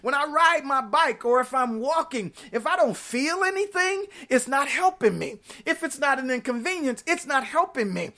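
Woman pastor, online sermon; emphatic, conversational delivery, a bit high-pitched. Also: expressive, normal speed, hardly any pauses, bright, forceful tone. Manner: emphatic, repeats key points, folksy and conversational.

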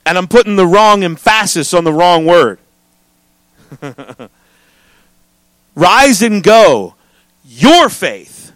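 A man preaching a sermon as pastor, reading scripture and joking with his congregation in an animated way. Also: high-pitched, no echo.

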